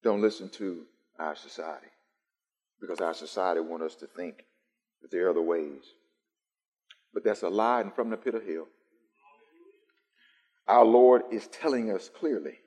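A man's voice: low voice, moderate pace, long pauses, a little mellow. A man preaching a sermon to a live congregation, building through emphatic repetition. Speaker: pastor. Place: church sanctuary, live-streamed. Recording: long church reverb.

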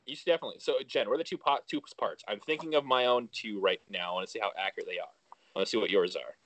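A man's voice: on the low side, very fast. A man co-hosting a podcast, chatting casually, restarting his sentences and acting out his own reactions. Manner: animated, trails off and restarts, acts out quoted reactions. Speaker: podcast co-host. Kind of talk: casual chat.

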